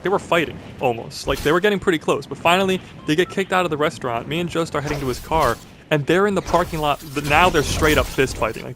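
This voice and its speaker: A man's voice: a little high, fairly bright tone, slight background noise. A young man in college telling a casual, rambling story, full of "like"s and restarts. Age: young adult. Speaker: vlogger.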